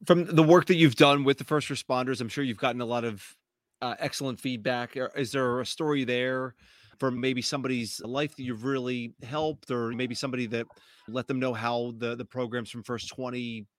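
A man's voice: mid-range voice, steady tone, normal speed, no echo, studio quality. A man co-hosting a podcast who asks long, rambling interview questions. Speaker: podcast co-host.

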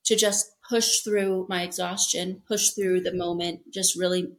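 A middle-aged woman guest on an interview podcast, speaking in an animated, storytelling way and often acting out quotes. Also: on the low side, unhurried.

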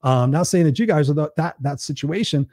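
A man's voice: on the high side, a little fast, a little mellow, no echo, clean studio sound. A man hosting a live stream, giving a blunt, preachy motivational talk in a casual, conversational way and swearing freely.

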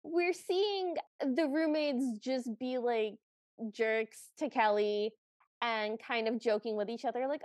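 High-voiced woman in lively podcast recap. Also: slow pace, dry recording, studio quality. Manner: animated, acts out characters' lines in quotes. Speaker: podcast co-host. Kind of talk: casual chat recapping a movie.

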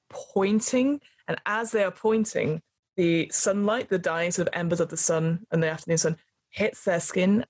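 A woman running a tabletop horror game as game master, narrating scenes dramatically and quickly. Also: lowish voice.

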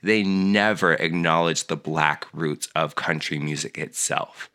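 A man's voice: rumbling low, unhurried, sharp tone. A man in a casual talk, ranting with heated passion and many filler words. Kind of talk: casual conversational rant.

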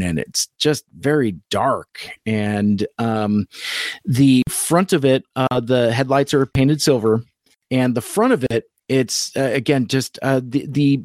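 A man chats his way through a live-stream toy review in a halting, rambling manner, stopping often and starting over. His voice sits at an ordinary middle pitch. The sound is dry and close, with no room echo. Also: a little mellow. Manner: rambling, halting, many fillers and restarts.

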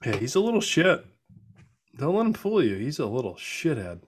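A man's voice: moderate pace, slight background noise. A man in his thirties chatting casually about his kids, swearing often and acting out their lines. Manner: animated storytelling, acts out his kids in high voices, swears a lot. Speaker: father and podcast host. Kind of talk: casual chat.

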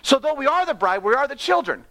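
A man preaching an animated sermon, often laughing and acting out the people in his story. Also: very high voice, fast, slight background noise. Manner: excitable, laughs often, acts out characters.

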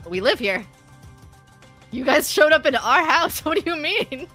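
A woman running a tabletop game as game master, chatty and quick to laugh. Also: high-pitched, very animated, sharp tone, faint music behind. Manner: laughs often, loose and chatty narration.

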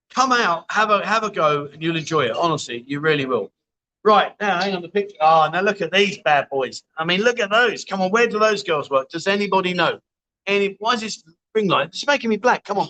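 A man hosts a casual livestream from inside a bar, reading viewer comments aloud in a chatty, matey way. His voice is a little high with a sharp tone, and the recording is rough.

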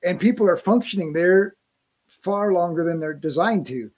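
A man's voice: high voice, animated, normal speed, a little mellow. A middle-aged man hosting a podcast, talking earnestly in casual conversation and often restarting his phrases. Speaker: podcast host.

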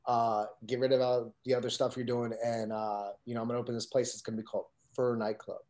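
A man's voice: mid-range voice, flat delivery, quick pace, darkish tone. A man telling a story in casual conversation, acting out quoted dialogue with lots of fillers. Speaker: guest telling his career story.

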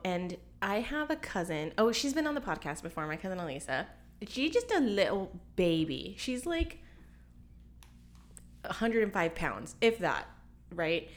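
Laughing, animated woman in her forties. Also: on the low side, unhurried. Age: 40s. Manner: animated storyteller, laughs often, many "like"s. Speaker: podcast host. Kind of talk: casual chat among friends.

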